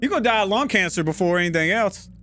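A man giving casual, profane gameplay commentary, prone to loud excited outbursts. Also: high-pitched, fast, a little hiss or hum. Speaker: gaming YouTuber.

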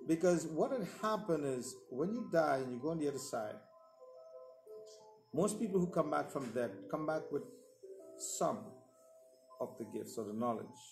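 A man tells his testimony from the pulpit, and his voice sits a little high for a man. He tells it as a story and acts out the other people in it. The sound is roomy, and faint music plays under him. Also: expressive, moderate pace, pauses often, darkish tone. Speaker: preacher giving testimony. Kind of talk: sermon testimony. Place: church service.

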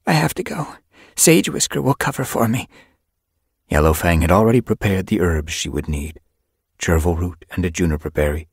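Deep, husky man narrating a storybook. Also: darkish tone, no echo, studio quality. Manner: measured storytelling. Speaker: audiobook narrator. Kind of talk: scripted narration.

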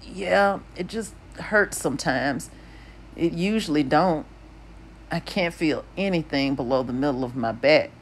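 A woman voicing a weak, frightened teenage boy lying hurt in a hospital bed, speaking quietly and shakily. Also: deep voice, measured pace, slight background noise. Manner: quiet, strained and shaky.

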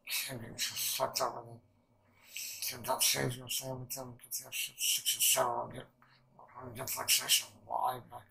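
Gravelly, excitable man reacting to anime. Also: medium pitch, low-quality recording. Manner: rambling, excitable, swears often, many fillers. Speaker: anime reaction channel host. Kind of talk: casual anime reaction commentary.

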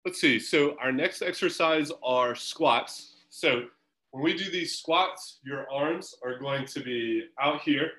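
A man's voice: mid-range voice, takes it slowly, sharp tone, poor audio. A man coaching a swim team through a home workout on a video call, giving chatty, encouraging instructions with fillers.

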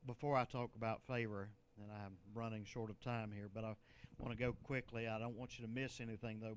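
A man's voice: mid-range voice, slight background noise. An older man, a bishop, preaching a sermon in a conversational way, with joking asides and laughter.

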